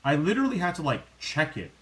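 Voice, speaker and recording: A man's voice: a little high, quick pace, rough recording. A man hosting a podcast, chatting casually and rambling with many restarts. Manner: rambling, many restarts and fillers, animated when exasperated. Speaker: podcast host. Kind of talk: casual chat.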